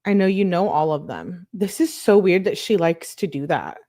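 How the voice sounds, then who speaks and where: A woman's voice: on the low side, lively intonation, moderate pace, warm tone. A woman reading text messages aloud in a casual way, breaking off for asides and disgusted reactions. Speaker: true crime commentator.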